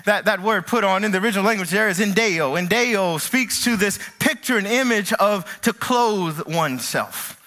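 Bright-voiced preacher man from the South. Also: sits high. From American South. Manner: preacherly, with dramatic slow-downs and repeated words. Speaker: pastor. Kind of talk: sermon.

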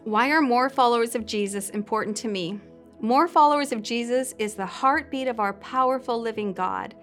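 A woman's voice: a little high, normal speed, faint music behind. Sincere woman reading a faith testimony. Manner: steady, sincere, reads scripture aloud. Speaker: church member giving a testimony. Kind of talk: read testimony.

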